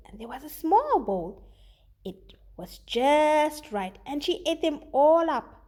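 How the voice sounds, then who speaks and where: A woman teacher reading a children's story aloud with expressive delivery, then giving her students a worksheet task. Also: on the high side, slow.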